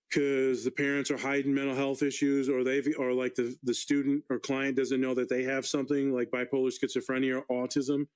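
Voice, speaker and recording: A male therapist chatting on a podcast at a middling pitch. He explains things frankly, swears freely and teases with a playful edge. The talk is loose and unscripted. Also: clear, resonant tone, rough recording. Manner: candid, profane, playful. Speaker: therapist guest. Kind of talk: casual podcast chat.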